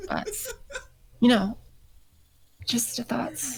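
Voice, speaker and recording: A woman's voice: fairly high pitch, extremely slow, creaky, a little mellow, slightly rough, poor audio. A woman playing a tabletop game, talking casually and playfully with some hesitation. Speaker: player. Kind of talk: casual chat.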